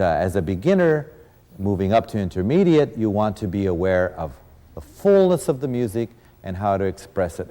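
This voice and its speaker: A man's voice: lowish voice, warm tone, big-room sound. A man teaching a dance lesson as an instructor, counting beats aloud and encouraging his students. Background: rumba music.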